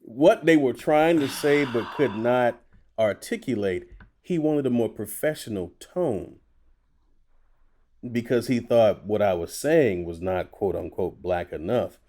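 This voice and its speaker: A man, a voice actor, telling stories in a candid podcast chat, animated and often laughing. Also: mid-range voice, a little slow. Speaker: voice actor guest.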